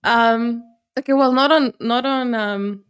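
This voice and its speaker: A woman from South Africa with an Afrikaans accent, her voice sitting a little on the high side. She co-hosts a relaxed chat, telling stories full of laughs and quoted asides. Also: slow, smooth. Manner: giggly storytelling with quoted asides. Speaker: co-host. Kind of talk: casual chat.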